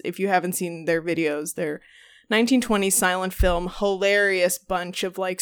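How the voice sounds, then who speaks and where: A young adult woman co-hosting a podcast tells a story in casual chat, rambling with lots of ums and restarts while laughing and swearing. Her voice sits on the low side and sounds smooth.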